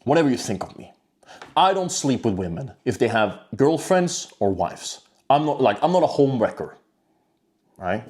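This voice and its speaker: A man's voice: medium pitch, sing-song, normal speed, a little mellow. A man talking to camera in a blunt, profane, rambling monologue about discipline, with frequent restarts and filler words. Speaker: self-improvement vlogger.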